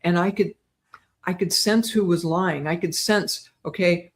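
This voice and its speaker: An older woman, a guest on an interview show, chatting in a lively way and often checking in with "right?". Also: lowish voice, measured pace. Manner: chatty, animated, tags lines with "right?". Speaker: guest psychic medium. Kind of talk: casual storytelling interview.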